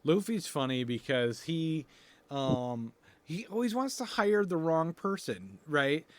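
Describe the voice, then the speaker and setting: A man's voice: fairly high pitch, big pitch swings, slow, no room sound. A man co-hosting a comics podcast in casual chat, congested, enthusiastic and chatty. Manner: enthusiastic, chatty, laughs often. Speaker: podcast co-host.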